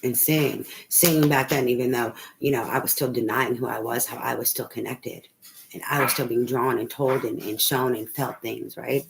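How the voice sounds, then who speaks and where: A woman giving a casual spoken tarot reading, rambling, swearing freely and laughing often. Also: a bass voice. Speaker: tarot reader. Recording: noisy home recording.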